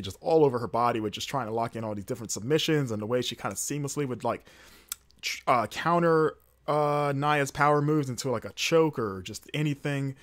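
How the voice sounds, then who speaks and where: A man's voice: medium pitch, fairly bright tone. Chatty man rambling through a recap. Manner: rambling and chatty, with frequent fillers and self-corrections. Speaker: podcast host. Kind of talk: casual solo recap commentary.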